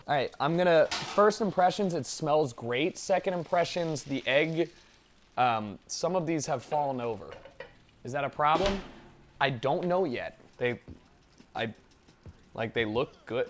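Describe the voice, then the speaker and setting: A young man streaming himself cooking, chatting casually in a joking, profane, rambling way with sudden loud outbursts. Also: a little high. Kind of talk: casual live-stream chat while cooking.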